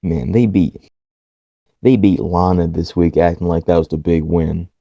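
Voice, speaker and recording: A man's voice: low-pitched, steady tone, unhurried, vocal fry, mellow, no room sound, highs cut off. A man co-hosting a podcast in casual chat, blunt and swearing freely, laughing often. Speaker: podcast co-host.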